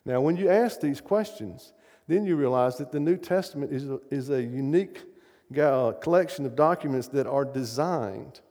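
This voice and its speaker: A man's voice: mid-range voice, moderate pace, dark tone, long reverb tail. A middle-aged man preaching a sermon, emphatic and often asking his audience questions.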